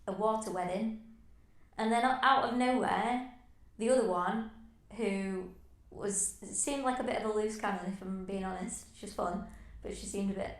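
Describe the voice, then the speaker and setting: A woman in her thirties co-hosting a podcast, telling stories in a lively, chatty way. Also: medium pitch. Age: 30s. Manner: lively storytelling, laughs easily. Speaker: podcast co-host. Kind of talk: casual chat. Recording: roomy echo.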